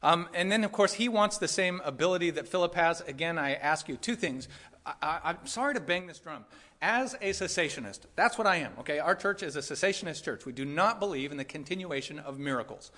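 Emphatic, bright-voiced male preacher. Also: on the high side, animated, fairly quick. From California. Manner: emphatic, repetitive, conversational preaching with asides. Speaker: pastor. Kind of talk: sermon.

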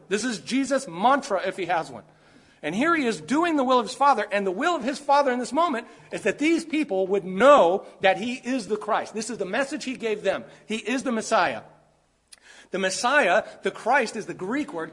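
A man's voice: sits high, expressive, moderate pace, a bit bright, breathy edge. A man preaching a sermon while sick, stressing his points by stacking and repeating key words.

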